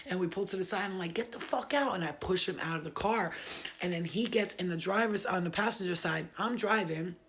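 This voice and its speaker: A woman, telling true stories casually, profane and animated, often laughing. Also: lowish voice, fast talker, slightly rough. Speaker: storyteller host. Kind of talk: casual storytelling live stream.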